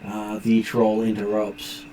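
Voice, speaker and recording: A man narrating as game master of a tabletop game, pausing often on fillers as he describes the scene. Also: lowish voice, monotone, warm tone. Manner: halting, many filler pauses. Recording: echoey room with faint noise.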